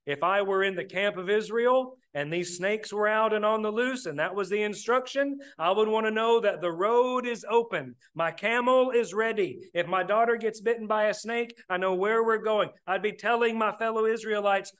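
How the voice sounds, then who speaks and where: High-voiced preacher giving a sermon. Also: male voice, normal speed, few pauses, a bit bright, clear, resonant tone. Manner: plainspoken, addresses the congregation as brethren.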